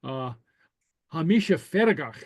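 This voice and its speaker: Male teacher, slightly high-pitched, dry close sound. Easygoing and halting, chuckles often, says new words slowly for the class to repeat. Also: lively intonation, no room sound. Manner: unhurried and hesitant, full of okays and chuckles. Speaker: language teacher. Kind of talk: relaxed classroom lesson.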